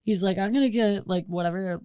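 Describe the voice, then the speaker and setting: A woman's voice: medium pitch, a little fast, clean tone, no echo. A woman hosting a loose podcast chat, her voice sitting mid-range with a dry, close sound. She swears freely and acts out the people in her anecdotes. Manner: swears freely, acts out quoted people in animated story-telling. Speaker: podcast host. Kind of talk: casual chat.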